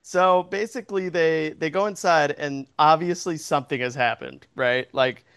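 A man's voice: a little high, moderate pace, a bit bright, clean tone. A man improvising a goofy story as a game host, laughing often and rambling with fillers. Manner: giggly, rambling, puts on silly voices.

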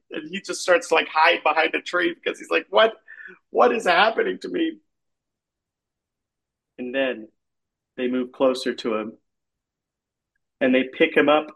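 A man's voice: a little high, bright, forceful tone, low-quality recording. A man improvising an absurd comic story, rambling and leaning on filler words. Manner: rambling, heavy use of filler "like".

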